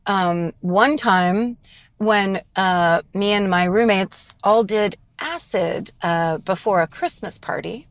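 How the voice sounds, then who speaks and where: A woman's voice: medium pitch, slow, no room sound. Giggly woman co-host, dry sound. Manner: giggly, laughs often while talking. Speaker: podcast co-host. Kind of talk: casual chat. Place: inside a car.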